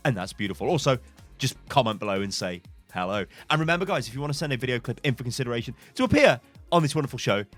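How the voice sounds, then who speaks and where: A man, hosting and commenting on gameplay as a coach, in an animated, theatrical way. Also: mid-range voice. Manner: animated, theatrical, quick to exclaim. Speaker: game coach and channel host.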